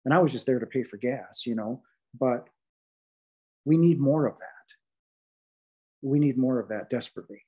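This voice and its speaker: A middle-aged man gives an earnest spoken testimony about his faith, pressing hard on key words and often restarting his sentences. His voice sits at an ordinary pitch for a man. The recording is slightly dull and lo-fi. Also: normal speed, pauses often, mellow, slightly rough. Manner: heartfelt, emphatic, with frequent fillers and restarts. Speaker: guest sharing a near-death experience. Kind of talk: earnest testimony in a podcast interview.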